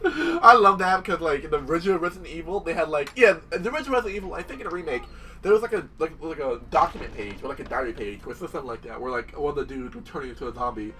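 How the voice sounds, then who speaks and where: An excitable man talks casually through his gameplay, often breaking into shouts. His voice sits a little high and sounds bright and lively, swinging widely in pitch. He is recorded from a distance from the mic, with game music playing faintly behind him. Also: very fast. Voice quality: excitable, squeals and shouts in disgust. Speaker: gaming video host. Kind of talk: casual let's-play commentary.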